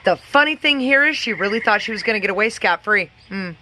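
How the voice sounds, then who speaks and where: A woman co-hosting a casual chat, dropping dry, sarcastic asides. Her voice is bright and sharp and swings widely in pitch. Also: animated, fast talker, slight background noise. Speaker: co-host.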